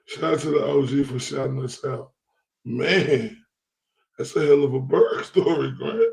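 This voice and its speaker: Gravelly man reading viewer shout-outs. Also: mid-range voice, unhurried. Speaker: livestream host. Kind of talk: casual livestream chat.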